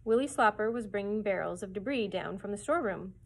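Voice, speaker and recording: A children's librarian reading a chapter book aloud in a clear, steady storytelling manner. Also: female voice, medium pitch, brisk, low-quality recording.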